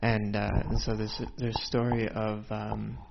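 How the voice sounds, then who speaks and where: A man hesitantly telling a story in a group discussion, with many pauses and "um"s. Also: fairly low pitch, level tone, gravelly. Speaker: forum participant. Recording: dull lo-fi with faint hiss.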